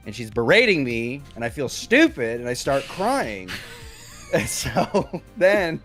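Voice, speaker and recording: A man's voice: medium pitch, very animated, measured pace, fairly bright tone, faint music behind. Rambling young man telling a story. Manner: rambling, many fillers and restarts. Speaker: podcast co-host. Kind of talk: casual storytelling chat.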